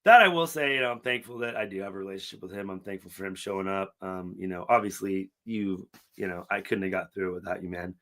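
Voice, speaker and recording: Bright-voiced man, swearing, acting out quotes. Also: low voice, quick pace, few pauses. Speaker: podcast co-host. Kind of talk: emotional casual conversation.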